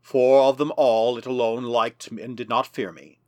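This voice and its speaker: A man voicing an ancient, bitter male superman ruler who speaks in slow, grave, menacing pronouncements. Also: medium pitch, steady tone, darkish tone, no echo, lightly acted. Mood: low brooding.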